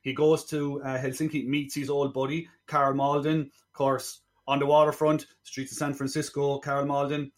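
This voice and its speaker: A man of middle pitch talks through a film on a podcast he co-hosts. He rambles chattily through the plot in casual review chat. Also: little pitch movement, normal speed, hardly any pauses, a little mellow.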